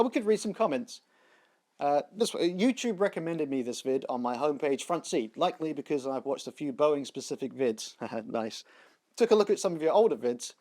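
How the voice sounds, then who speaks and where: A man's voice: medium pitch, a little mellow, no echo. A man hosting a comedy tech news show, delivering sarcastic, self-deprecating jokes. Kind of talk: comic tech news monologue.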